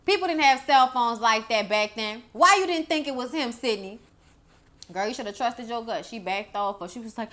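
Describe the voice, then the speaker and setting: A young woman with a bright, ringing voice, sitting slightly high in her range, recapping a horror movie in casual chat. She is sassy and profane and keeps scolding the characters as if they could hear her. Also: lively intonation, moderate pace. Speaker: movie reviewer.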